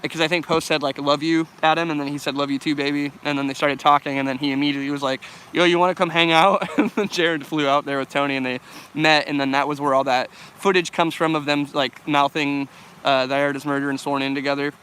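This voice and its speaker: Laid-back young man with a bright voice. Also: on the high side, fairly even intonation, quick pace, slight background noise. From United States. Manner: laid-back, swears often, laughs a lot. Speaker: vlogger answering live chat. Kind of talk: casual live-stream chat while walking. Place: outdoors in a forest by a loud river.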